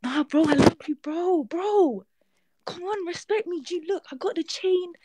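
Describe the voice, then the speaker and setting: 18 yr old girl from iraq calling in, really high voice, gushing, slangy. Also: unhurried, background noise. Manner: gushing, copying street slang. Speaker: caller. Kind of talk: call-in on a livestream.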